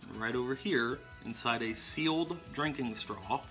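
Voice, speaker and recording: A man's voice: medium pitch, unhurried, fairly bright tone, faint music behind. A man hosting a magic tutorial, explaining each trick step by step in an upbeat way. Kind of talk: instructional demonstration.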